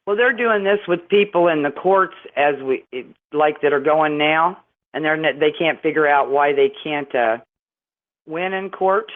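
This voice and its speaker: A woman's voice: sits low, unhurried. Indignant woman on a tinny phone line. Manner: rambling, indignant, many restarts. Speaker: guest caller. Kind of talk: phone-in interview storytelling.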